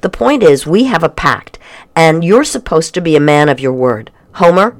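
A woman voicing a defensive, scheming young girl with a whiny, pleading voice that climbs high. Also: expressive, normal speed. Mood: insistent. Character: pushy pink-haired girl, defensive and scheming.

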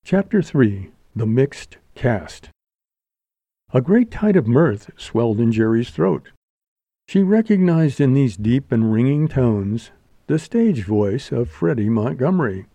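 Man narrating a book, very dark mellow voice, dry close sound, steady storytelling. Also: medium pitch, takes it slowly, no room sound. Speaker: audiobook narrator. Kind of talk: scripted narration.

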